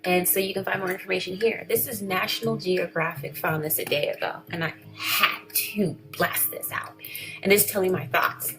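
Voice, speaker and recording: A woman's voice: on the low side, steady tone, moderate pace, over music, rough recording. A woman chatting casually in a vlog, rambling and correcting herself as she reads through things. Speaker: vlogger.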